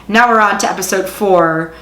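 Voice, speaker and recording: A woman's voice: medium pitch, normal speed, fairly bright tone. A woman casually recapping a TV episode, talking in a chatty way full of fillers and acting out the quotes. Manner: chatty, filler-heavy retelling with acted-out quotes. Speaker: show reviewer. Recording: roomy echo.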